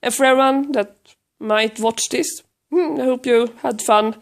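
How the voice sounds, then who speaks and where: Sick with a cold and stretched out on her couch, a vlogger with a Swedish accent and a hoarse, fairly high voice films her cat. She talks to the camera in an easy, unhurried way, slipping into baby talk for the cat and rambling with plenty of self-mockery.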